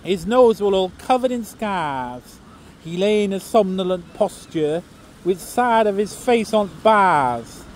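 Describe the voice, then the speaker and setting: A man's voice: high voice, animated, slow pace, a little hiss or hum. Man reciting a comic poem outdoors. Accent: put-on Lancashire. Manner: storytelling, theatrical. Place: outdoors in a seaside town.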